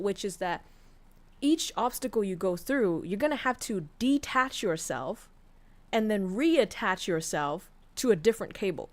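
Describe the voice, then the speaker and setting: A woman streamer telling a story in casual chat, candid and profane, with many fillers and restarts. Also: medium pitch. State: tearful, voice breaking. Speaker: VTuber streamer.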